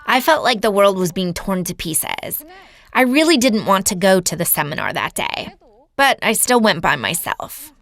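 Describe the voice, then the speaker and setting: A woman's voice: mid-range voice, sing-song, normal speed, vocal fry, fairly bright tone. A woman giving a lecture as an earnest personal testimony, telling her story to a seminar audience. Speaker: seminar speaker.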